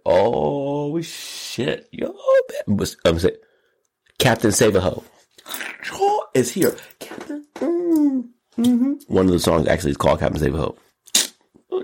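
A man hosts his own solo commentary show with a low, gravelly, husky voice. He talks in a hyped, exclamatory way. His pitch leaps about, often jumping up to high squeals. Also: darkish tone. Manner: hyped, exclamatory, gasping and laughing, jumps to squeals. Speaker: show host.

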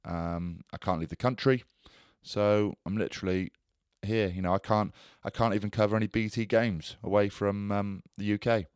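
A man's voice: lowish voice, fairly even intonation, moderate pace, hardly any pauses, darkish tone, clean tone, no echo, clean studio sound. A man in his thirties, a former rugby player co-hosting a casual podcast and telling chatty anecdotes. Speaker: podcast co-host. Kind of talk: casual chat.

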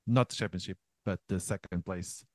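Very deep, halting man, dry close sound. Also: steady tone, no room sound. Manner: hesitant, many ums, halting phrasing. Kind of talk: casual sports discussion.

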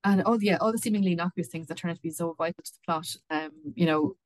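Halting woman, low-pitched, dry sound. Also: no echo. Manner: halting, many restarts and repeated words. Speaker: podcast co-host. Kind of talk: casual book discussion with read-aloud passages.

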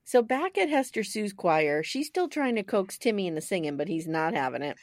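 A woman co-hosting a podcast in casual chat, animated and laughing often as she talks. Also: medium pitch, normal speed, no room sound, studio quality. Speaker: podcast co-host.

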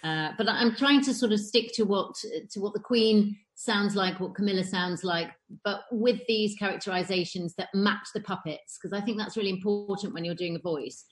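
A woman's voice: mid-range voice, moderate pace, hardly any pauses. A woman, an impressionist guest, chatting in an interview with a hesitant, giggly manner. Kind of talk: casual interview chat.

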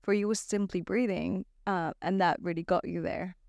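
Animated woman podcast host, chatty, dry close sound. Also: on the low side, moderate pace, creaky, no room sound. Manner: chatty, animated, acts out quotes. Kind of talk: casual conversation.

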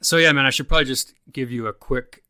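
A man's voice: mid-range voice, fast, sharp tone, clear, resonant tone, no room sound, studio quality. A man hosting a casual interview, easygoing and agreeable, often stammering and restarting. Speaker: podcast host.

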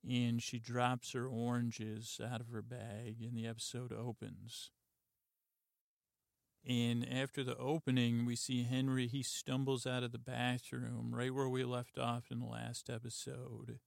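Low-key guy recapping a tv show, slow and gravelly, lots of uhs, flat delivery. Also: no room sound, clean studio sound. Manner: halting, lots of "uh" and "like", quiet and meandering. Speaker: podcast host. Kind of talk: rambling sleepy retelling of a TV episode.

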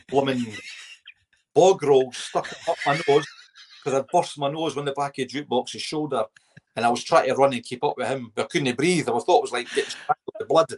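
A middle-aged Scottish man, a former footballer, telling lively anecdotes as a podcast guest, giggling and putting on voices. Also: medium pitch. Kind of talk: casual storytelling interview.

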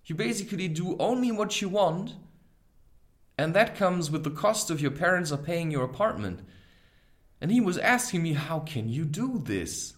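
On his podcast, a man in his thirties recounts a personal story, his pitch rising and falling a lot. He comes across as reflective, candid, animated and a bit bright, often pausing for small asides.

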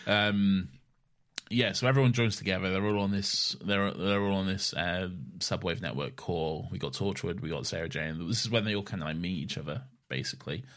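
A man co-hosting a podcast in casual chat, animated and quick to mimic characters. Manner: animated, mimics characters in high squeaky voices. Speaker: podcast co-host.

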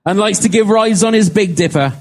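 A man's voice: sits high, fairly quick. A man co-hosting a casual chat, giving showy, jokey introductions. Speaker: co-host.

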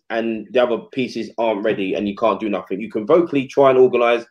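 A man's voice: on the low side, fast talker. Casual man in his 40s, chatty anecdote-teller, slightly dull recording. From England. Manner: animated, slangy, acts out quotes. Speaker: retired footballer guest. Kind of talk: casual storytelling interview. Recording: slightly muffled podcast audio.

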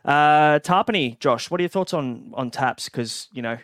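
A man hosting a casual fantasy sports podcast, relaxed and passing questions to his co-hosts. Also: a little high, normal speed, no room sound, studio quality. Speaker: podcast host.

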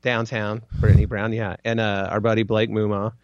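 A man's voice: fairly low pitch, level tone, normal speed, smooth, dry recording, lo-fi sound. A man co-hosting a podcast, chatting casually and telling a rambling story with plenty of fillers. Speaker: podcast co-host. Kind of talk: casual chat.

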